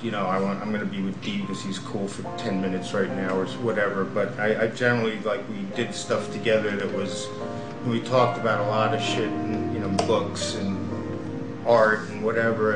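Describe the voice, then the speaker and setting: A man's voice: fairly low pitch, low-quality recording. A man, a former band member, telling rambling, profane stories in a casual interview. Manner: rambling, profane, laughs through anecdotes.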